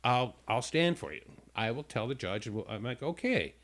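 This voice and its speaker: A man's voice: medium pitch, sing-song, normal speed, fairly bright tone. A man hosting a radio talk show who tells a long personal story casually, with stumbling restarts, and acts out the people in it.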